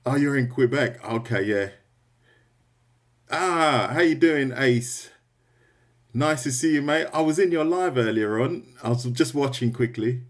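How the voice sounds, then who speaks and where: A man's voice: medium pitch, animated, a little slow. A man chatting casually on a drawing livestream, rambling and answering viewer comments. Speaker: artist livestreamer.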